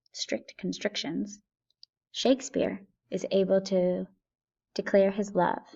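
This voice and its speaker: A woman teacher giving a recorded lesson, explaining a poem step by step and reading lines of verse aloud slowly. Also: medium pitch, creaky, warm tone, lo-fi sound.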